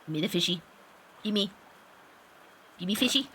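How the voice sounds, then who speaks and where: Bubbly woman gamer chatting on stream, bright tense voice, gets squealy, faint hiss behind. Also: medium pitch, moderate pace. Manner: bubbly, excitable, squeals at finds. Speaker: game streamer. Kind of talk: casual gameplay stream chat.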